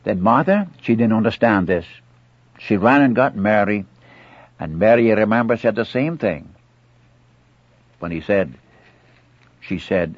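A man's voice: lowish voice, unhurried, pauses often, husky, no room sound. A man preaching an earnest sermon, acting out scripture dialogue and pleading directly with his listeners. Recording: muffled old dry recording.

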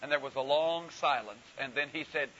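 A man preaching a sermon, telling a story slowly and deliberately with frequent pauses. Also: medium pitch, sharp tone. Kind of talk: sermon with anecdote. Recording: dull hissy recording.

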